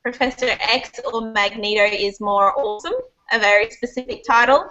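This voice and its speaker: High bright giggly woman host. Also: normal speed, muffled recording. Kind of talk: casual livestream chat.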